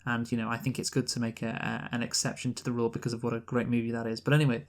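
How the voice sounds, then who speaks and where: A man's voice: mid-range voice, little pitch movement, rapid-fire. A man co-hosting a podcast in casual, rambling chat, often laughing. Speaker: podcast co-host.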